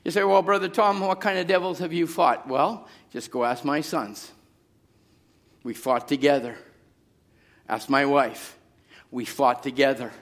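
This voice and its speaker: A middle-aged pastor preaching a sermon, moving from quiet storytelling to shouted exhortation. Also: male voice, a little high, unhurried, pauses often.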